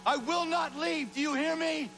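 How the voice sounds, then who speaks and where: A man's voice: extremely high pitch, moderate pace. An actor playing a defiant, determined young man in a video game, with game music behind him. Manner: insistent, defiant.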